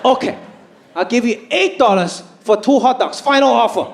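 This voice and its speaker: A man voicing a stern, stingy old immigrant father who speaks in slow, clipped, matter-of-fact sentences, in a comedy club with audience noise. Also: very high voice, lively intonation, vocal fry, heavily acted. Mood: haggling.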